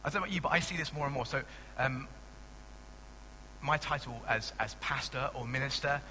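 A young pastor preaches in a chatty, animated way, stumbling over restarts and dropping playful asides. His voice is very bright and ringing, at a middle pitch for a man. A faint hum sits under the recording. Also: brisk, big-room sound, rough recording. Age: young adult. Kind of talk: sermon.

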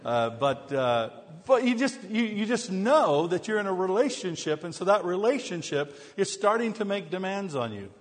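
A man with a high-pitched, sing-song voice preaches at a moderate pace, rarely pausing, with long hall reverb around him. As pastor, he warms up with comic stories poking fun at himself before getting into scripture.

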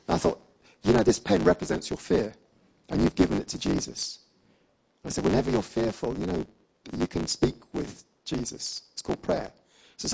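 A man preaches by sharing his personal testimony as a story, acting out the dialogue with lively energy and laughing along. His voice is on the high side and gravelly, and the audio quality is poor.

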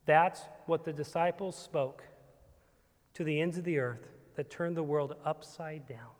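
A pastor delivers his sermon with a high-pitched voice that swells from hushed to forceful. He preaches as if to a congregation. The church gives every word a long echoing tail. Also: steady tone, measured pace. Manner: emphatic preaching that swells from quiet to loud. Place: church sanctuary.

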